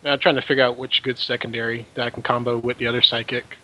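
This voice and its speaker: A man playing in a tabletop game asks quick questions in casual chat. He talks fast, and his voice is bright. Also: mid-range voice, flat delivery, poor audio. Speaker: player.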